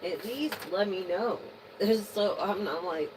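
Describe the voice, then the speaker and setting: A woman's voice: mid-range voice, takes it slowly, noisy background. A woman reading tarot to her viewers in a rambling, casual way, swearing freely as she vents. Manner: rambling, profane venting. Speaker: tarot reader.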